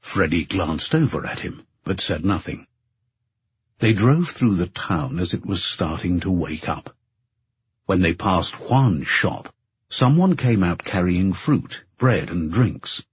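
A man narrating an audiobook in a measured, even storytelling manner. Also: low-pitched, breathy edge. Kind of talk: scripted narration. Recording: dull dry narration recording.

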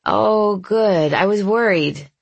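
A woman's voice: mid-range voice, takes it slowly, vocal fry, breathy edge, no room sound, voice pushed up, heavily acted. A woman voicing a tired, guarded young mother. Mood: tired casual. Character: weary injured young mother, brisk and guarded.

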